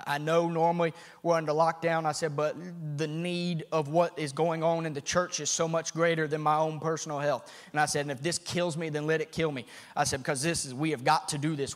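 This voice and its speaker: Guy preaching a sermon, high voice, kind of tense, lots of echo around him. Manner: builds from hushed retelling to shouting fervor; repeats and restarts phrases. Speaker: missionary preacher. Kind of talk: sermon storytelling. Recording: long hall reverb.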